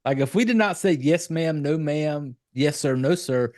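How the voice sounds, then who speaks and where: A man's voice: a little high, a little slow, a little mellow. A man from South Carolina with a Southern accent, casually co-hosting a podcast and telling rambling, profane stories. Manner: profane, rambling storyteller with a country drawl. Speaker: podcast co-host. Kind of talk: casual chat.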